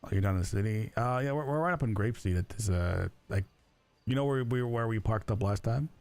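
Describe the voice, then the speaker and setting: A man with a gravelly, somewhat low voice talks in character for a roleplay stream. His speech is halting and rambling, full of fillers and restarts as he chats casually. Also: darkish tone.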